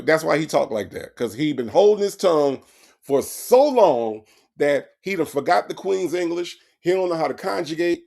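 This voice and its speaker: A man's voice: fairly high pitch, brisk, gravelly, a little mellow. A man hosting a true-crime comedy podcast, delivering sarcastic, profane commentary and repeating his points for effect. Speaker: podcast host.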